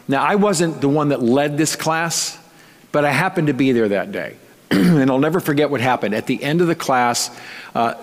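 A man's voice: a little high, animated, normal speed. A male pastor preaching a sermon in a conversational, storytelling way with light touches of humor. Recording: long reverb.

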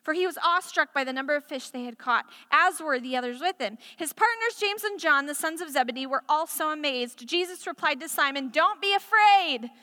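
A woman's voice: sits high, lively intonation, fairly quick, hardly any pauses, bright, forceful tone, big-room sound. A woman preaching a sermon in a chatty, conversational storytelling way, full of casual asides.

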